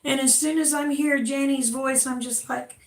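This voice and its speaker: A woman's voice: sits high, steady tone, normal speed. A woman with a Southern drawl, chatting casually and effusively on a livestream from home. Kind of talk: casual chat. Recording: echoey room.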